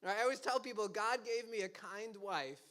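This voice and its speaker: A man's voice: high-pitched, brisk, a bit bright. A young man preaching a casual, conversational sermon, laughing often and acting out quoted lines with self-deprecating asides. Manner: acts out quoted lines in funny voices. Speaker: pastor.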